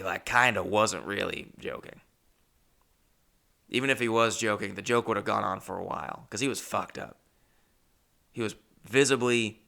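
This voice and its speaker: A male comedian telling a story with profane, animated anecdote-telling. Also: on the low side, gravelly.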